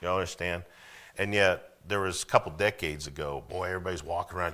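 A deep-voiced preacher delivering a sermon, his low tone cutting through with a bright, forceful edge. He talks to the congregation like a conversation, tossing them questions, then swells into emphatic declarations. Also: fairly quick, gravelly. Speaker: pastor.

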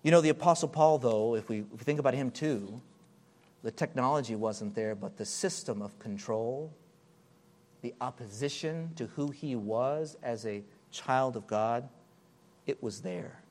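A man preaching a sermon, slowing and stretching key words, dropping to near-whispers and then building to loud, emphatic peaks. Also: mid-range voice. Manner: wide swings from hushed, drawn-out phrases to loud emphatic build-ups.

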